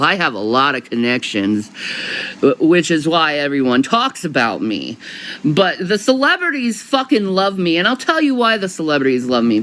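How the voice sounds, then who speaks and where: A woman's voice: low voice, fairly bright tone, slight background noise, poor audio. A woman vlogger talking straight to camera, short of breath, rambling and swearing with many restarts and bursts of laughter. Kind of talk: rambling casual vlog monologue.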